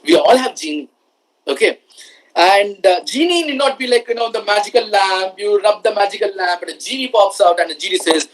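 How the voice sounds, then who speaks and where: A man gives a motivational talk to students on a handheld microphone. His pitch swings widely, rising and falling as he repeats key phrases. He keeps turning to the audience with questions. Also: lively intonation, a little fast, rough recording. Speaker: motivational speaker.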